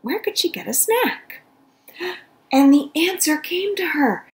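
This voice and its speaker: A woman reading a children's story aloud in an expressive storytelling voice. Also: high voice, measured pace, poor audio. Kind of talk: read-aloud storytelling for kids.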